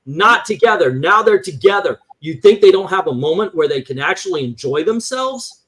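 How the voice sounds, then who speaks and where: Animated ranting man, fairly high voice. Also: moderate pace. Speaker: livestream co-host. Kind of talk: casual chat.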